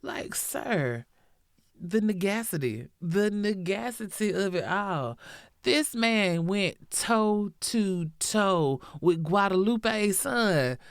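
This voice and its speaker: A woman hosting a true-crime podcast, telling the story in a sassy, profane, animated way. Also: medium pitch, slow pace, dry recording, clean studio sound. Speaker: podcast host.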